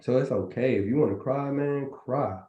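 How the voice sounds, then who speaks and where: A man's voice: mid-range voice, normal speed, dark tone, dull audio. A man hosting a live community chat, talking in a preachy, motivational, slangy way. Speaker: trading community host. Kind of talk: casual live group chat. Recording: roomy echo.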